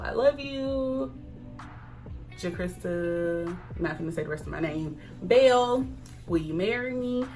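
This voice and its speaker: A young woman chatting casually to camera, animated, acting out quoted lines and laughing often. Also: mid-range voice. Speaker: vlogger. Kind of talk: casual storytime chat.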